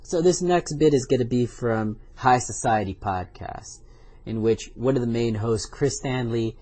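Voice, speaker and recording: A man's voice: mid-range voice, unhurried, mellow. A man hosting his own podcast, talking loosely and offhandedly in one unedited take. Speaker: podcast host. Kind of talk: casual solo podcast narration.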